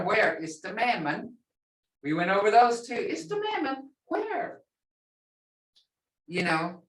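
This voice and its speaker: A woman teaching a language class, animated, acting out reactions and laughing often. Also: mid-range voice. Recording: roomy classroom sound from far off.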